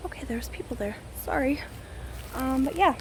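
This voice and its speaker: Out of breath on a woodland walk, a Canadian woman chats casually for her vlog, rambling with plenty of fillers. Her voice is high and expressive, at a moderate pace. Faint outdoor noise hangs in the background.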